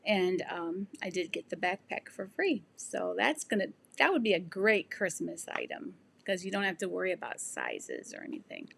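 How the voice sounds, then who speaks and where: A woman's voice: fairly low pitch, huge pitch swings, moderate pace, gravelly, few pauses, fairly bright tone, slight background noise. A woman in her sixties who is losing her voice, hosting a casual sewing livestream, rambling with many ums and restarts while she reads viewer comments. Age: 60s. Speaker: sewing channel host.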